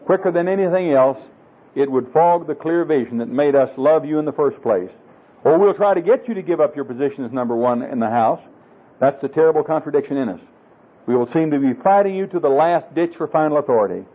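Older male preacher, husky, humorous and folksy; thin phone-like recording. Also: on the high side, lively intonation, brisk. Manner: folksy, humorous, coaxing the audience. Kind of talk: sermon to married men. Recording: tinny lo-fi phone-like sound.

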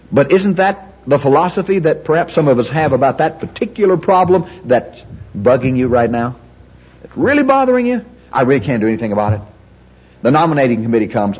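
A man's voice: mid-range voice, big pitch swings, fairly quick, darkish tone, breathy edge. A man preaching a teaching sermon on Bible study, emphatic and repetitive, shifting the stress from word to word. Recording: dull lo-fi recording.

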